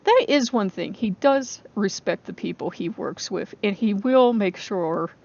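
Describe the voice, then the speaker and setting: A woman's voice: medium pitch, lively intonation, a little slow, creaky, a little mellow, dull audio. A woman hosting a casual vlog monologue who rambles with many fillers and frequent laughs. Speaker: channel host.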